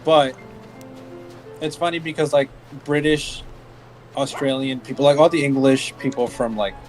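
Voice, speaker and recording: A man's voice: mid-range voice, steady tone, moderate pace, a little mellow, faint music behind, rough recording. Laid-back male gamer streamer. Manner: laid-back, muttering at the game. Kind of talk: casual chat while gaming.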